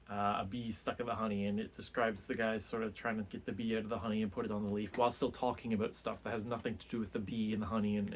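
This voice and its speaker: A man's voice: lowish voice, husky. A man casually talking through a book he read, rambling with many restarts and fillers. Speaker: book reviewer.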